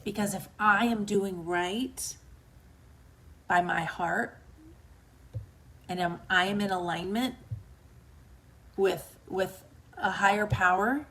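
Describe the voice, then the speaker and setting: A woman author hosts a book club livestream, giving live viewers a heartfelt motivational talk and reading out their comments in a chatty way. Emotional and earnest, she dips quiet and soft, speaking slowly at medium pitch with frequent pauses over slight background noise.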